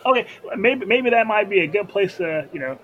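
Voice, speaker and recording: A man co-hosting a casual talk show, joking and tossing in quick quips. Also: high voice, lively intonation, muffled recording. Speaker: podcast co-host. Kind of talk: casual chat.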